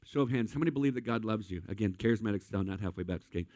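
A man preaching a sermon, a pastor who tells animated, comic stories from family life. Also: on the low side, rapid-fire, no room sound.

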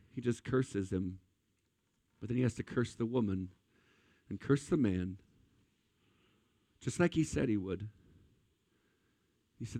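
Energetic, chatty preacher man, dry sound. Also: mid-range voice, moderate pace, pauses often, dry recording. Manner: conversational, energetic preaching, addressing the congregation directly. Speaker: pastor. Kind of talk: sermon. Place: church service.

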